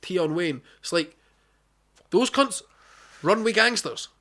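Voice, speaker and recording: A man's voice: high voice, expressive, slow, a bit bright. A young Scottish man hosting a casual chat, sweary and rambling, full of fillers and restarts. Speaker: podcast host.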